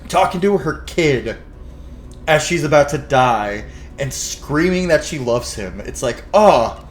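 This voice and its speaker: A man's voice: fairly high pitch, animated, slow pace. A man giving casual gameplay commentary, candid and emotional, swearing freely. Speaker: let's play host.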